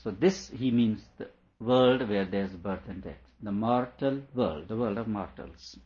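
A man teaching a lecture on a scripture, working through each point slowly and repeating himself to make it clear. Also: on the low side, darkish tone. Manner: deliberate, explains by repeating and rephrasing. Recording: dull lo-fi recording.

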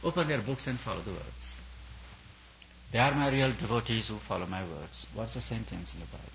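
A man's voice: fairly low pitch, a little fast, fairly bright tone, dull audio, slight background noise. A man, a spiritual teacher, giving an earnest discourse at a retreat, building his points through repeated emphatic phrases.

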